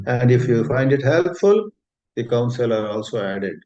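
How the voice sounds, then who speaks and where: Heard through a dull, lo-fi recording, this spiritual teacher speaks with an Indian English accent in an expressive, medium-pitched voice. His talk is gentle and unhurried, a story he keeps rephrasing along the way.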